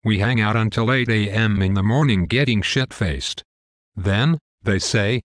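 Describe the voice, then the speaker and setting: A man's voice: on the low side, a little slow, no echo, clean studio sound. A young man telling a wild story in a casual, profane, matter-of-fact way. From United States. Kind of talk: casual scripted story narration.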